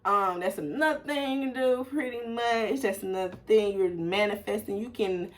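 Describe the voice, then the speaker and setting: A young woman with an Atlanta accent, telling a story in casual vlog style, animated and swearing freely. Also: normal speed. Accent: Southern US, Atlanta. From Atlanta, USA. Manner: animated, swearing, acts out quoted people in sudden loud high bursts. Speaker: vlogger.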